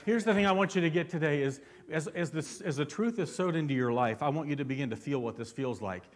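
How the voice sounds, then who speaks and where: A man's voice: on the high side, quick pace. A man preaching a sermon as pastor, fervent and constantly asking his congregation questions.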